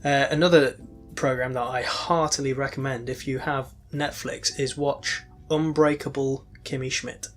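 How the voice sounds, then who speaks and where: A man co-hosting a podcast, talking in a loose, halting way full of ums and restarts. His voice sits at an ordinary pitch, and faint music plays underneath. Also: fairly even intonation. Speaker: podcast co-host. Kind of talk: casual chat.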